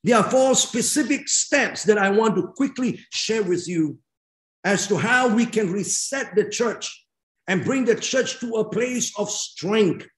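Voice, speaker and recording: An older man, preaching as a pastor and reading scripture with emphatic, slow, dramatic phrasing. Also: high voice. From Malaysia. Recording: echoey church hall.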